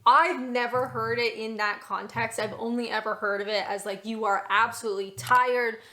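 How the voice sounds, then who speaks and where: A woman's voice: on the high side, steady tone, moderate pace, sharp tone. A young adult woman from Canada with a Canadian accent, chatting casually and laughing as she explains words. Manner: chatty, laughing, acting out example phrases. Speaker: video creator explaining British words.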